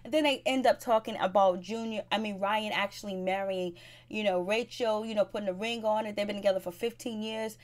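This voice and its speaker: A woman's voice: medium pitch, fairly even intonation, brisk. A woman recapping a reality TV episode in a chatty, gossipy way, with blunt advice to viewers. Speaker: TV show recap host. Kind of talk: casual recap commentary.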